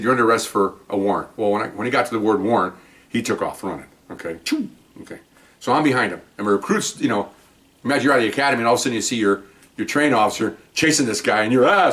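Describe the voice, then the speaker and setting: An older man who is a retired police officer, casually telling a story to the camera and acting out what people said. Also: mid-range voice. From Mexican-American background. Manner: animated, acts out quotes, frequent "okay?" asides.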